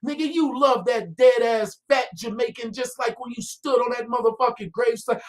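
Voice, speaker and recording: Man ranting loudly, profane and heated. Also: very high voice, brisk, few pauses. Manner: heated, profane, often shouting; calmer, reflective stretches. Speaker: online commentator. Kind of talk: angry ranting commentary.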